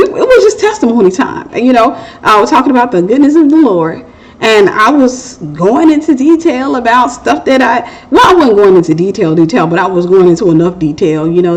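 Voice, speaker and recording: A woman's voice: on the high side, low-quality recording. A middle-aged woman hosting a Christian relationship Q&A, giving casual testimony and advice in a candid, joking way and laughing at herself.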